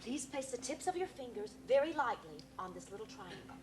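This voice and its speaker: A woman playing an earnest young woman who leads a séance on stage, soft and soothing. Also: on the high side, animated, brisk, lightly acted. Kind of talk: stage play acting. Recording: noisy live stage recording.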